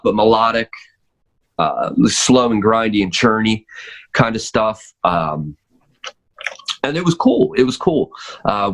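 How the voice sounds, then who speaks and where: A man with a fairly low voice talks casually as a podcast guest about drumming. He rambles, restarting sentences and filling pauses with ums and uhs. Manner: rambling, many fillers and restarts. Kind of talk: casual chat.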